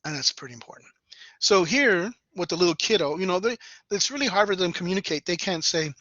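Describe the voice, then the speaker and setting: Bright-voiced male lecturer, chatty. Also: sits high, lively intonation, fast talker, no room sound. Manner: conversational, tags sentences with "right?". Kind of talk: classroom lecture. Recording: dull lecture recording.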